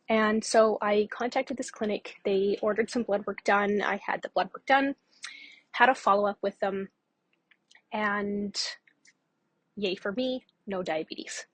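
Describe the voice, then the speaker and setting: Candid woman, husky and dry. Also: mid-range voice, dry recording. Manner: candid and conversational, frequent fillers. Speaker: podcast host. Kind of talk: personal storytelling monologue.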